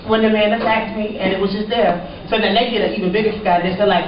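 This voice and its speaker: A woman's voice: medium pitch, fairly even intonation, fast, hardly any pauses, a crowd in the background. Woman telling her story in an echoey hall. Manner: earnest storytelling, quoting others. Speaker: panel speaker. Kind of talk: personal testimony at a panel. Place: lecture hall. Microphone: far from the mic. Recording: distant, roomy, muffled hall recording.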